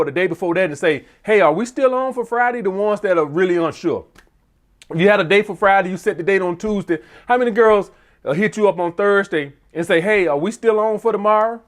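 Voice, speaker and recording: Man, dating-advice vlogger, high lively voice, blunt and profane. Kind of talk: casual profane monologue.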